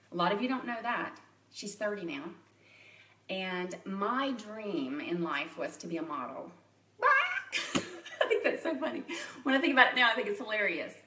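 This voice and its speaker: A woman's voice: medium pitch, a bit bright, roomy sound, recorded from a distance. A woman in her forties from Louisiana, chatting openly and personally in a live video to a private group, often laughing at herself. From Louisiana, USA. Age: 40s. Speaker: makeup artist and direct sales consultant.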